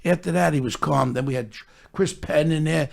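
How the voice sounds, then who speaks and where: A man's voice: fairly high pitch, normal speed, creaky. An older man, telling brash, profanity-filled stories and acting out other people's lines. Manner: brash, swears constantly, acts out other people's voices. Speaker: podcast host telling stories. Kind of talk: profane storytelling chat.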